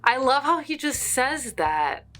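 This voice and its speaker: Bright, excitable young woman vlogger. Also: high voice, slow pace, soft background music. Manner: excitable, chatty and playful. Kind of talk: casual reaction commentary.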